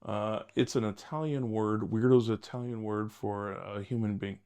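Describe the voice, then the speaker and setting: A fairly low-voiced older man tells old case stories as an interview guest. He is blunt and wryly funny, and he wanders through his sentences with plenty of "uh" and "you know.". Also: fairly even intonation, moderate pace, warm tone, smooth. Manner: blunt, wry, rambling with many fillers. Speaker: retired detective, guest. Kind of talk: storytelling interview.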